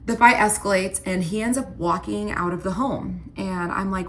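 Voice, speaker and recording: A young woman telling a personal story in a casual vlog, retelling it with lively quoted voices. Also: mid-range voice, normal speed, few pauses. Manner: animated retelling, quoting both sides in voices. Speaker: storyteller vlogger.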